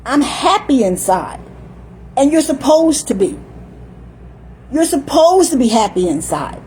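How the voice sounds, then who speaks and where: A woman's voice: high-pitched, big pitch swings, unhurried, darkish tone, slight background noise, poor audio. An older woman talking in a rambling, chatty monologue, often laughing and acting out little voices. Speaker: vlogger.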